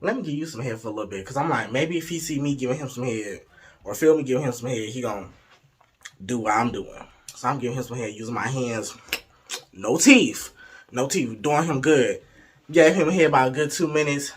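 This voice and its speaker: A man's voice: mid-range voice, brisk, husky. A young man telling a frank, profane, playful story in a casual way, slipping into the voices of the people in it. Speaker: vlogger.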